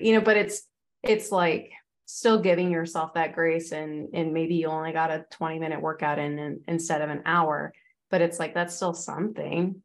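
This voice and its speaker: A woman's voice: low-pitched, steady tone, normal speed. A woman fitness coach in casual podcast chat, talking loosely with many fillers and acting out quoted voices.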